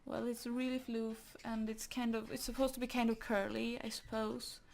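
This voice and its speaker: A woman's voice: on the high side, level tone, moderate pace, gravelly, slight background noise. A young woman from Sweden with a Swedish accent, chatting casually and rambling while she draws, with stutters, often dropping to a murmur. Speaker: artist vlogger.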